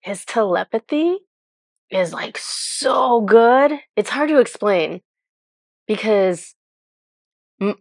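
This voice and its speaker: A woman's voice: mid-range voice, no echo. This woman talks like a channeler explaining something she can barely put into words. She wanders, restarts and says "like" constantly in casual chat. The recording is dry and close. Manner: rambling, searching for words, many "like" fillers. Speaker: spiritual channeler.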